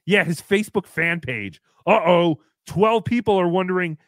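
A man hosting a comedy livestream, reading out viewer messages in a goofy, mocking way and jumping into loud cheers. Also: sits high, normal speed, few pauses, no room sound, clean studio sound. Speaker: livestream host. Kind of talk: casual comedy livestream chat.

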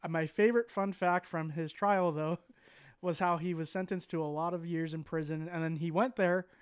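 A man's voice: fairly high pitch, fairly even intonation, normal speed, smooth, no room sound, studio quality. A man hosting a casual podcast chat and telling a story in a loose, laid-back way with plenty of swearing. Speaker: podcast host.

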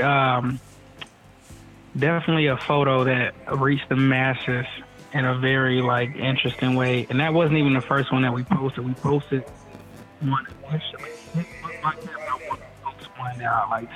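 A man's voice: mid-range voice, little pitch movement, moderate pace, a bit bright, soft background music, rough recording. Laid-back, blunt male podcast guest. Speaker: guest photographer. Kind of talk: casual interview.

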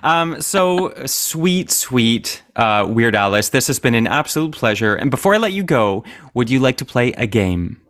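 A man's voice: medium pitch, sing-song, moderate pace, hardly any pauses, fairly bright tone, dry recording, studio quality. A man hosting a podcast in casual chat, upbeat and enthusiastic, laughing along with his guest. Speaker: podcast host.

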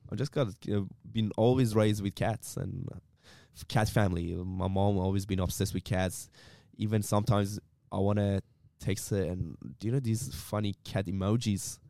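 A man on a casual podcast, talking in halting restarts, saying "mate" and laughing often. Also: on the low side, steady tone, gravelly, mellow, no echo, studio quality. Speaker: podcast co-host. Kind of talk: casual chat.

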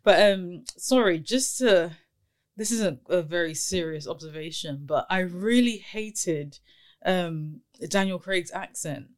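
A woman's voice: lowish voice, takes it slowly. A young woman hosting a podcast in casual chat, laughing often and drifting onto tangents. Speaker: podcast host.

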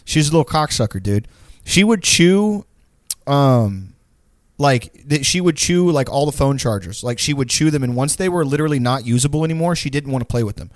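A young man spins a rambling story in an easy, unfiltered way, swearing constantly as he goes. His voice sits at a middling pitch. The sound is dry and close, with no room around it. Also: a little fast, no room sound. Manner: profane, rambling, animated storytelling. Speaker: storyteller in a group chat. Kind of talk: casual chat.

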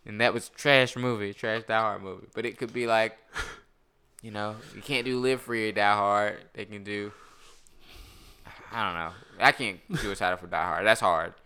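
A man in casual chat, rambling and laughing as he pitches ideas, often slipping into mock voices. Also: steady tone, moderate pace, sharp tone, clean tone.

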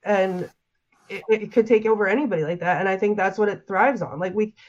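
A woman's voice: mid-range voice, a little fast, a little mellow, muffled recording. A woman guest describing a frightening paranormal experience in an interview, rambling and full of "like" and restarts. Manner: rambling, heavy use of "like", restarts. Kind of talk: emotional interview storytelling.

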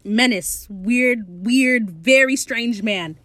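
Excitable teenage girl gushing about a show. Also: a little high, takes it slowly, no echo. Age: late teens. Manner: excitable, gushing, swears freely, laughs often. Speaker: TV show recap host. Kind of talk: casual TV episode recap.

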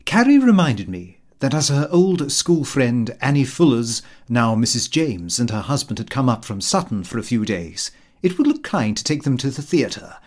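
A man reading a comic diary aloud as an audiobook, with expressive, lively delivery. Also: mid-range voice. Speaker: audiobook reader. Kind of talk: scripted narration of a comic diary.

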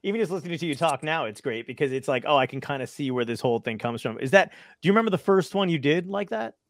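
A man's voice: on the high side, animated, fast talker, no echo, studio quality. A man hosting a casual interview over a video call, talking with enthusiasm and casual swearing. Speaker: podcast host.

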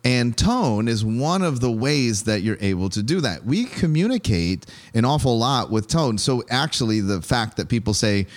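A man's voice: mid-range voice, big pitch swings, moderate pace, hardly any pauses. A man hosting a podcast, talking casually and asking his co-host questions with energy.

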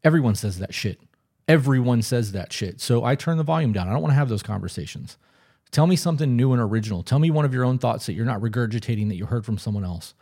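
Blunt, mellow-voiced man on a podcast. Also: medium pitch, animated, racing, breathy edge. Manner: blunt, profane and emphatic. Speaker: podcast co-host. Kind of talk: casual podcast conversation.

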